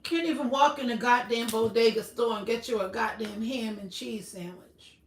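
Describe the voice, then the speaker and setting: Blunt high-voiced woman livestreaming. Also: moderate pace, a little hiss or hum. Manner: blunt, profane, emphatic. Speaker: livestream host. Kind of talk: casual livestream chat. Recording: roomy echo, slightly far from mic.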